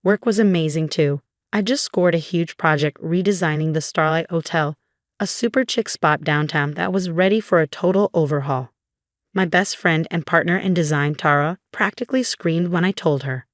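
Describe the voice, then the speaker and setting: A young adult woman narrating a scripted first-person story in an even, conversational way. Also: low voice, normal speed, no room sound, studio quality.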